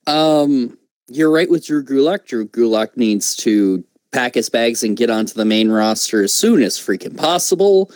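A man co-hosting a casual review podcast, speaking in a relaxed, hesitant way. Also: medium pitch, measured pace, no echo. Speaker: podcast co-host. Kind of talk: casual wrestling review chat.

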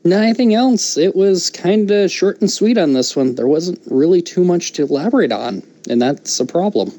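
A man's voice: high voice, very animated, normal speed, warm tone. A man co-hosting a podcast in easygoing, casual chat. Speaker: podcast co-host.

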